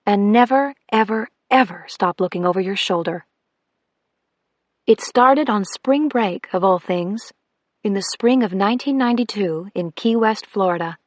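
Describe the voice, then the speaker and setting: A woman narrating a first-person audiobook with measured, wry storytelling. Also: medium pitch, no room sound, clean studio sound.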